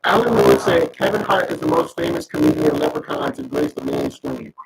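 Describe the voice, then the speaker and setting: A man chatting casually as a guest, his voice pushed through a robot filter. He talks in slang and tells stories with quoted asides, a gravelly low tone wobbling wildly in pitch. He sits far from the mic with clear noise behind. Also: wildly swooping pitch, a little fast, loud music behind the voice. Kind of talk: casual livestream chat.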